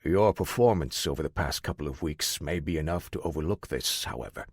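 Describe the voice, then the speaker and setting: A man voicing a menacing male crime boss who speaks slowly and deliberately. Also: a bass voice, lively intonation, slightly rough, dry recording, pitched below the performer's own voice, exaggerated voice. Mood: cold.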